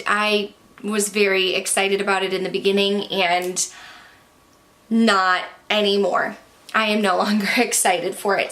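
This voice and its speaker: Young female beauty vlogger, chatty and candid, a little breathless, bright tone. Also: mid-range voice. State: slightly out of breath. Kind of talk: casual product review.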